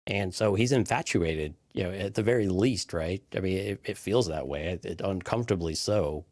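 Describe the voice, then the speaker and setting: A man's voice: low voice, moderate pace, darkish tone, no room sound, studio quality. A man co-hosting a casual live podcast, making wry joking asides and restarting his sentences as he goes. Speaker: podcast co-host. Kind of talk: casual live TV-show breakdown chat.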